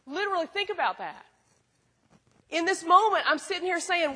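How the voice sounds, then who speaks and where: A middle-aged woman preaches in a high, bright voice. She is folksy and animated, carrying the audience through stories as she makes her point. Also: normal speed, pauses often. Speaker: speaker at a school chapel. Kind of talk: sermon with storytelling.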